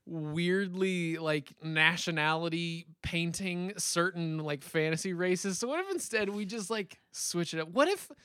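A man's voice: on the high side, measured pace, hardly any pauses, sharp tone, clear, resonant tone, no echo, clean studio sound. A man co-hosting a casual movie podcast, joking around and slipping into silly voices. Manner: playful, jokey, slips into silly voices. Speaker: podcast co-host.

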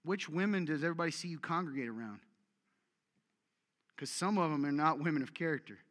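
Male preacher, exhortative and direct, fairly high pitch, long hall reverb. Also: a little fast, fairly bright tone. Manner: exhortative, direct, repeats commands for emphasis. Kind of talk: sermon. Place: church meeting room with audience.

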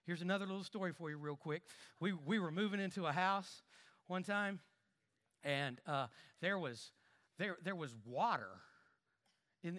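A man preaching a sermon, animated, with repeated words, quiet asides and loud emphatic lines. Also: sits high. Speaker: pastor.

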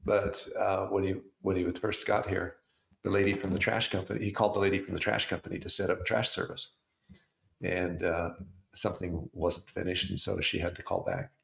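A man co-hosting a casual talk show, telling stories in a relaxed way with frequent chuckles. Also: low voice, normal speed, gravelly. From United States. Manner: relaxed storyteller, chuckles often. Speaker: co-host. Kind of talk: casual conversation. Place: Southeast Arizona. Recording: roomy echo.

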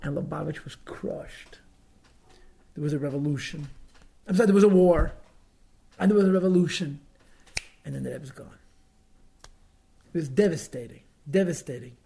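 A man with a gravelly, husky voice that sits a little high for a man. He tells a story as a lesson, repeating words for weight and acting out quotes with feeling. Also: normal speed, long pauses, dark tone. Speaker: teacher telling a story.

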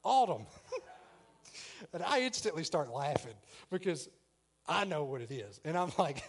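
Laughing preacher telling a story. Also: male voice, on the high side, big pitch swings, unhurried, pauses often. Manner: conversational storytelling, addresses congregation directly, laughs often. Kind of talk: sermon with personal story. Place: church sanctuary.

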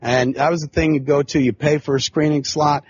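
A man's voice: a little high, fairly even intonation, a little fast, lo-fi sound, a little hiss or hum. A man in his forties hosting a podcast, telling a long casual story full of swearing and filler phrases. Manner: profane, rambling, frequent filler phrases. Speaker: podcast host.

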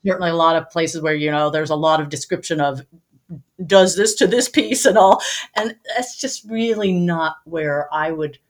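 A woman with a fairly low voice talks as a guest on a podcast, telling stories in an easy, chatty way. She laughs often as she goes. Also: moderate pace. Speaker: romance author and guest. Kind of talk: casual podcast conversation.

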